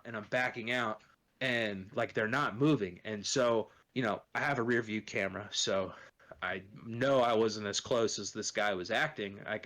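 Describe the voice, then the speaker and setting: A lower-pitched man telling a long story on a podcast. He rambles, swears freely and fills every gap with "you know" and "like". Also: a bit bright. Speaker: podcast co-host. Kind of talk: casual chat, storytelling.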